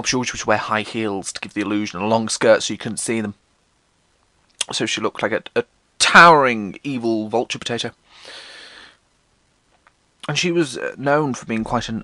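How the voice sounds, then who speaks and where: Recorded dry, a man with a bright, forceful voice hosts a podcast of comic personal storytelling. He's irreverent about himself, curses freely and performs quoted lines in jumpy pitch.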